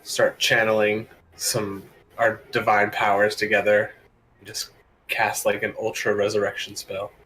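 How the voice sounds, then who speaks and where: A man's voice: fairly low pitch, completely flat delivery, measured pace, bright, forceful tone, a little hiss or hum, poor audio. A man playing in a tabletop game, making joking, laid-back asides. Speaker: player. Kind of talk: casual tabletop play.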